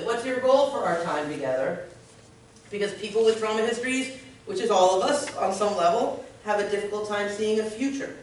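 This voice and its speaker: Earnest woman explaining from across an echoey room. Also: fairly low pitch. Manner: earnest, emphatic, often checks in with "right?". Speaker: social services staff member leading a discussion. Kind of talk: explanatory workplace discussion. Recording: echoey room, distant mic, faint noise.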